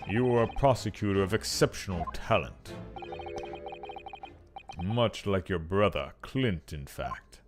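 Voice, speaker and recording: Stern old chief justice, voiced by a man, deep, measured, with soundtrack under him. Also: animated, over music. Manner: grave, measured, formal. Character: stern older male chief justice, commanding.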